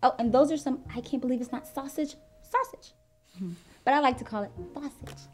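A woman's voice: high voice, fairly quick, soft background music, close to an everyday voice. An actress playing a bubbly, pushy young girlfriend who coaxes and hums in a sing-song way in a comedy film. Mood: coaxing, bubbly.

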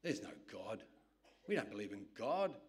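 A man voicing a stern woman over a hundred who scolds a visiting salesman in a shrill, indignant voice. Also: big pitch swings, normal speed, darkish tone. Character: stern centenarian woman, blunt and unbelieving.

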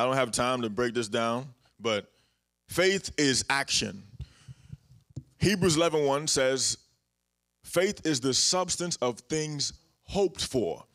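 A man's voice: medium pitch, a bit bright. A young adult man preaching a casual, conversational sermon full of everyday stories and repeated phrases.

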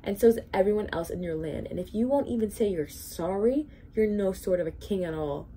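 A woman's voice: mid-range voice, fairly quick, warm tone, a little hiss or hum, lightly acted. A woman reading a storybook aloud, voicing a bold young boy who speaks bluntly and earnestly. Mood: earnest scolding.

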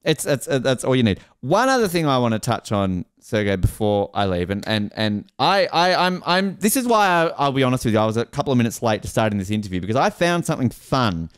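A man's voice: mid-range voice, big pitch swings, fairly quick, hardly any pauses, smooth, no echo, studio quality. A man hosting a podcast interview, chatty and teasing, with stumbling restarts. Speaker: podcast host. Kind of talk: casual interview.

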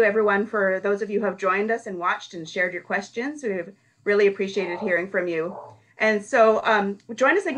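A woman's voice: medium pitch, fairly bright tone, poor audio. Woman hosting an online Q&A. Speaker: host, moderator.

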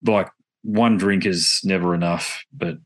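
A man's voice: low-pitched, fairly even intonation, a little slow, slight background noise. A man with an Australian accent, a podcast host chatting casually, rambling and candid, often correcting himself mid-sentence. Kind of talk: casual conversation.

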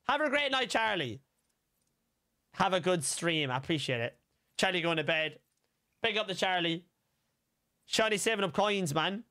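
A young Irish man live-streaming a football game, chatting casually with viewers, swearing freely and shouting at goals. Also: high-pitched, expressive, moderate pace, long pauses. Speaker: gaming streamer.

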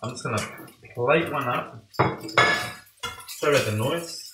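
In a casual cooking vlog, a man chats enthusiastically with viewers while cooking in his home kitchen. His mid-range voice runs a little slow against a noisy background, the kitchen echoey with pots and pans.

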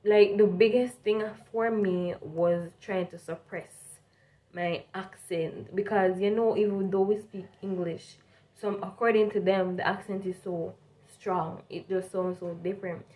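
A woman's voice: mid-range voice, fairly even intonation, unhurried, warm tone. A young woman from Jamaica with a strong Jamaican accent, telling a vlog story casually and animatedly, slipping between standard English and Jamaican Patois. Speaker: vlogger.

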